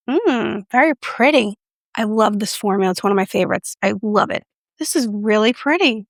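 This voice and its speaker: A woman doing a casual makeup review vlog, chatty and playful, with self-mocking asides and soft whispered moments. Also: mid-range voice, fairly quick, dry recording, clean studio sound. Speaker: beauty reviewer.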